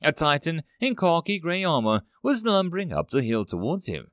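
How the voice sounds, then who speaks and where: A man narrating a sci-fi story as an audiobook, dramatic and expressive. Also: a little high, moderate pace, no echo, studio quality.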